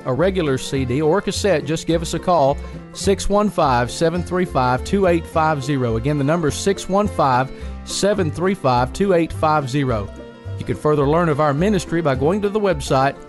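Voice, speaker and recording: Male program announcer, brisk plain read, slightly high voice, soft guitar underneath. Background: soft guitar music.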